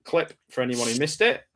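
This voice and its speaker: A man's voice: fairly high pitch, heavy background noise. A man from Cumbria, hosting a casual live watch-party chat in a jokey, rambling way. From Cumbria, England. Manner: jokey, rambling, laughs at own jokes. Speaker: host.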